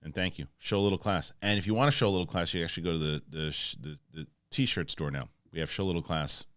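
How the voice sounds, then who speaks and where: A man hosting a casual review, retelling scenes excitedly and acting out the dialogue, with many restarts. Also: low-pitched, fast talker, no echo, studio quality. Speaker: show host reviewing a TV episode.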